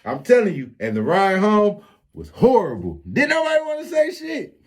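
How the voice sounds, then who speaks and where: A man with a Flint, Michigan accent telling a street story in a casual, animated and profane vlog monologue. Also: sits high, moderate pace. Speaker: storyteller vlogger.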